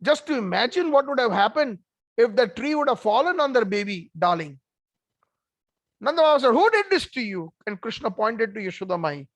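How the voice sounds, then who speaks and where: A man giving an animated devotional storytelling talk with conversational asides. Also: very high-pitched, fairly quick, no echo. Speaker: devotional speaker.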